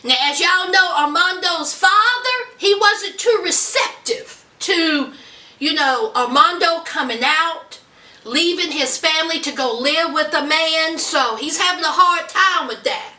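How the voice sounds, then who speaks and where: Brief: sassy woman vlogger, very high and bright voice, echoey room, distant mic. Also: unhurried. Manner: sassy, chatty, colloquial. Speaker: reality TV recap vlogger. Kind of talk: casual recap commentary.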